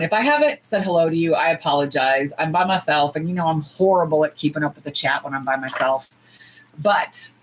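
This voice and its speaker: A woman's voice: low voice, a little hiss or hum, low-quality recording. A woman from the US, chatting casually and animatedly on a nail-swatching livestream, cursing freely and saying y'all. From United States.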